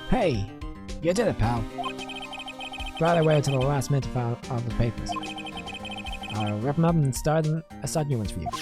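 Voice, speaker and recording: A man voicing a gruff, loyal male police detective from a video game, with a rough, chummy manner. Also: mid-range voice, animated, moderate pace, pauses often, music in the background, pitched above the performer's own voice, close to an everyday voice. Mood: cheerful. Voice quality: rough, calls everyone "pal".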